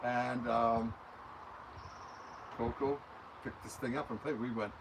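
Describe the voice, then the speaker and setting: A man's voice: medium pitch, steady tone, slow pace, vocal fry. Older male musician, mid-range voice, chatty rambling interview answers, studio room with audible background noise. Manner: rambling, anecdotal, talks with his hands through examples. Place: recording studio.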